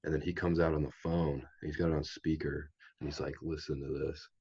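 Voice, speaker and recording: A man's voice: very deep voice, flat delivery, quick pace, a little mellow, slightly rough, lo-fi sound. A young man telling a rambling story in a laid-back way, full of fillers, as a podcast guest. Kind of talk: casual storytelling chat.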